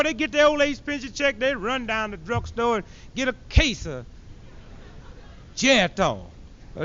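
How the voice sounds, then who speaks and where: High-voiced man doing mocking stand-up. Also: a bit bright. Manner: punchy, mocking delivery that acts out characters. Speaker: comedian. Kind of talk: stand-up comedy routine. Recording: dull lo-fi 1970s archive recording.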